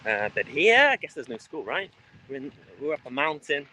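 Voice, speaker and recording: Man from the UK, chatty walking livestream, outdoors, steady background noise. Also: on the high side, normal speed, rough recording. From United Kingdom. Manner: rambling, chatty, with frequent fillers and restarts. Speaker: travel vlogger livestreaming. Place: outdoors in a rural mountain village.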